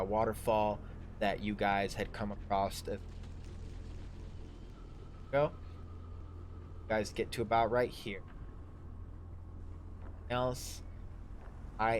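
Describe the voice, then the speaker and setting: A man with a low voice runs a tabletop game as dungeon master, improvising the scene as he goes. His narration is halting and loose, and it is recorded for a livestream with a faint noise underneath.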